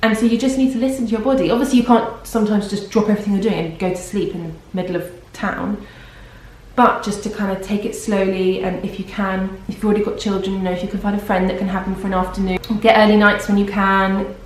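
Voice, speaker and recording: A young pregnant woman talks to her camera in a rambling, self-deprecating way, sounding worn out. Her voice sits at an ordinary middle pitch. The room around her rings with heavy echo. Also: steady tone, fast, a little hiss or hum. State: pregnant and tired. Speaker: vlogger. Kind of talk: casual vlog chat. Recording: very echoey room.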